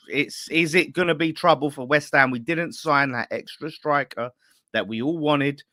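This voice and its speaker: A man hosting a casual football fan show over a pint, talking in a lively way and laughing often. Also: fairly high pitch, measured pace, no room sound, clean studio sound. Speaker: fan channel host. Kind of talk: casual pub-style football chat.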